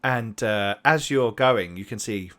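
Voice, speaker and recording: A man's voice: on the low side, a little slow, fairly bright tone. A man narrating a tabletop game as game master, rambling with many fillers.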